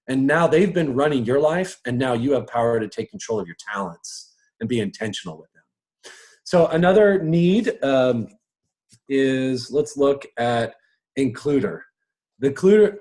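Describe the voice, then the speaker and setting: Animated man coaching an audience. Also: mid-range voice. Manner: animated, chuckling, slips into quick voices. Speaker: strengths coach. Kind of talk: casual live talk to an audience.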